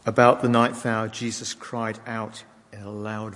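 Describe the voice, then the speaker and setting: Male bible reader, very slow, low voice, solemn, long reverb. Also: flat delivery, a bit bright. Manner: measured, solemn reading. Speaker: scripture reader. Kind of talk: liturgical Bible reading.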